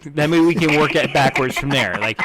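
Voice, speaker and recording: A man's voice: on the high side, brisk, over a noisy crowd. A man co-hosting a comedy show, playing a dopey prank caller who giggles often.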